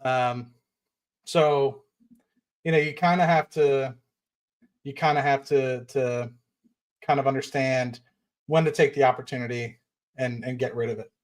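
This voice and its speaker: A man's voice: mid-range voice, fairly even intonation, unhurried, pauses often. A man hosting a casual investing livestream, rambling with many fillers and restarts, fired up and standing while he talks. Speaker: livestream host.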